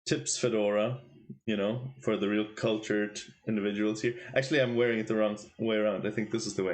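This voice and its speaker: A man's voice: on the low side, fairly even intonation, fast talker. A man commentating a chess tournament on his live stream, casually teasing his chat and quizzing viewers. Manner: playful, teasing the chat with quiz questions.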